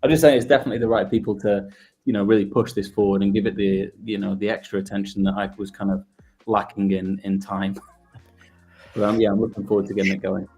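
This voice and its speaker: A man, a guest on a casual audio chat, talking in a relaxed way with many fillers. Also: fairly low pitch, fairly quick, slightly rough, soft background music. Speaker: guest from a project team.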